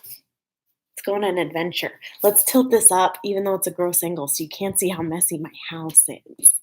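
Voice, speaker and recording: A young woman with a Texan drawl chats loosely on a home crafting livestream, full of fillers, restarts and giggles. Her voice sits a little low. The room around her is echoey. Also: fairly even intonation, moderate pace, a little mellow. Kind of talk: casual livestream chat. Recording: roomy home echo.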